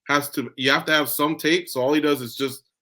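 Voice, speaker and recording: A man's voice: fairly high pitch, steady tone, brisk, bright, forceful tone. A man hosting a casual video-call interview, friendly and chatty, with a joking tone. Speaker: interview host.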